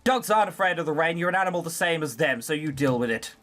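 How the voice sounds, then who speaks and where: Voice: mid-range voice, lively intonation, fast talker, a bit bright, faint music behind, close to an everyday voice. A player voicing a sneering cruel cook woman. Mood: scolding. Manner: scolding, sneering.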